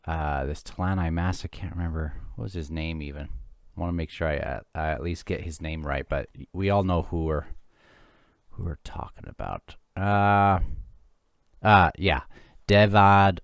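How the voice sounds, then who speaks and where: Low-voiced man chatting about books. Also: moderate pace, vocal fry, clean tone, no echo, clean studio sound. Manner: rambling, chatty, with many restarts and fillers. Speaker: book discussion host. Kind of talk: casual chapter-by-chapter book discussion.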